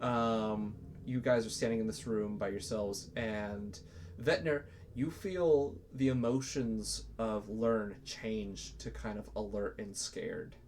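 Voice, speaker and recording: A man narrating as game master in a casual, halting way, with many fillers. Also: lowish voice, darkish tone, a little hiss or hum.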